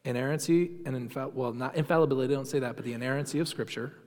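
A man's voice: medium pitch, very fast, a little mellow, big-room sound. A man teaching a Sunday school class in a conversational lecture, often asking the class questions and using many fillers. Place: church classroom.

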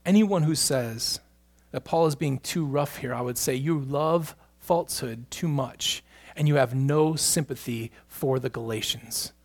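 A man preaching a sermon as pastor, moving between hushed, slow stretches and loud, emphatic bursts. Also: medium pitch.

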